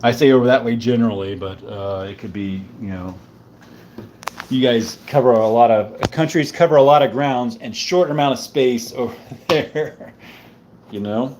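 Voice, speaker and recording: A man's voice: mid-range voice, moderate pace, darkish tone, a little hiss or hum. A man hosting a casual livestream, joking and rambling with lots of fillers while a bit drunk. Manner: rambling, joking, tipsy banter with frequent fillers. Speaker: livestream host.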